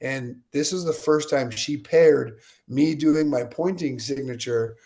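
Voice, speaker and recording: With a mid-range voice and a measured pace, an American man shares stories as a guest in an interview. He brings plenty of energy, voicing the people he quotes as he goes.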